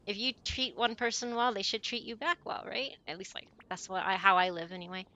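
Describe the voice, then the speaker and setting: A woman's voice: medium pitch, pushed and bright. Chirpy woman streamer chatting on voice. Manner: chatty, apologetic, quick laughs. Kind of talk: casual voice chat.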